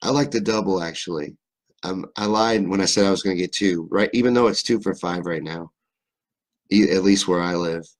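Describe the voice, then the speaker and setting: With a deep voice and a slightly fast delivery, a young host from Kentucky, USA, chats casually on a live stream. A faint Southern accent colors his talk as he rambles through comments, cracking jokes and swearing freely.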